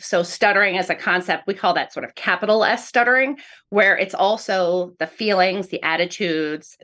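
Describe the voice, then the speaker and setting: A woman's voice: fairly low pitch, a bit bright. Woman academic, earnest explainer in an interview. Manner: earnest, explanatory, repeats "really" often. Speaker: professor of speech-language pathology. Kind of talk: interview answers.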